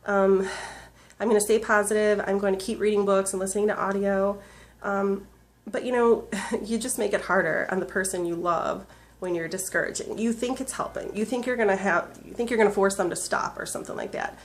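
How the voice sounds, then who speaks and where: Tearful woman vlogger, earnest and halting. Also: mid-range voice, fairly even intonation. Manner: earnest, halting, rambling with many fillers. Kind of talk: emotional personal video diary.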